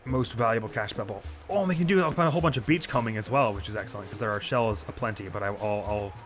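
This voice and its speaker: A man chatting away over his gameplay, chatty and self-deprecating, with frequent small laughs. His voice is bright and forward, with faint music in the background. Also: lowish voice, fast. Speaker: streamer. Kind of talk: casual gameplay commentary.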